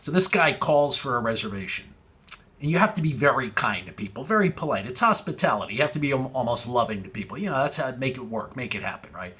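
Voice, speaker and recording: A man's voice: medium pitch, fast. A man telling a comic story in stand-up style, full of wordplay and building to punchlines. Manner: wordplay-heavy, rising excitement in punchlines. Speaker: comedian.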